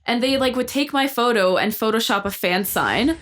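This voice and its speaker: A woman's voice: on the high side, animated, moderate pace, fairly bright tone. Chatty young woman telling stories. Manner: chatty storyteller, many likes, laughs easily. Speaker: guest influencer. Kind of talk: casual podcast chat.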